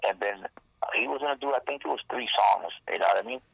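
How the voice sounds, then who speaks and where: Gravelly low-voiced man telling stories. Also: fast talker, a bit bright, no room sound, low-quality recording. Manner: profane, rambling, acts out quoted dialogue. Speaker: guest rapper. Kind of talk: casual storytelling.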